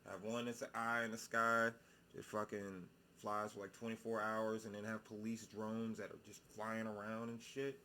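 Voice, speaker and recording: A young man hosting a reaction video, talking in a slow, stoned-sounding drawl and rambling bluntly with plenty of swearing. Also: fairly low pitch, level tone, pushed and bright, slight background noise. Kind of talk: casual profane commentary.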